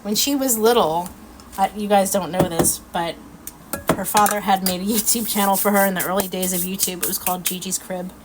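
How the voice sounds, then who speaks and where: A woman's voice: medium pitch, steady tone, a little fast. A middle-aged woman, chatting folksily and laughing as she demonstrates a recipe in her home kitchen. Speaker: cooking vlog host. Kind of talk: casual cooking demonstration. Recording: loud background noise.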